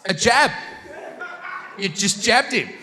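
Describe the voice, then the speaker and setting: Brash Australian bloke doing crowd work. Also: male voice, high voice, lively intonation, slow, sharp tone. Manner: brash, crude banter with the crowd. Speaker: stand-up comedian. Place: large theatre stage. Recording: live hall reverb with audience noise.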